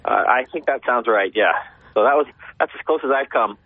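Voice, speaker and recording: An American man calling in as a guest, relaxed and good-humored, hedging his answers. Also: medium pitch, a little fast, no echo. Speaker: embassy press secretary guest. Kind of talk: phone-in radio interview. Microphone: telephone. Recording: tinny phone line.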